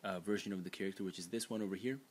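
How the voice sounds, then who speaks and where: A man with a very low voice talks through a lesson. He explains step by step and often pauses on fillers and restarts his phrases, like someone thinking aloud. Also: fairly even intonation, a little hiss or hum. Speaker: language teacher. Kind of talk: screen-recorded lesson narration.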